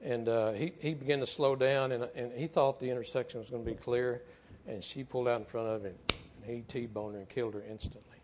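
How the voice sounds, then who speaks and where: A man's voice: medium pitch, steady tone, brisk, lo-fi sound, background noise. A middle-aged man tells a story in a sermon, speaking earnestly and often repeating words as he goes. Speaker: church speaker, former firefighter.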